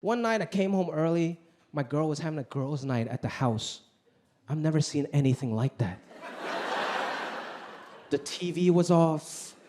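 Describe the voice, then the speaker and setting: A high-voiced man in his thirties works a stand-up set into a handheld mic, animated and quick to slip into exaggerated voices for his family. The live show is recorded with plenty of audience noise underneath. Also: some chatter behind. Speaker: stand-up comedian. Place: large theater stage with live audience.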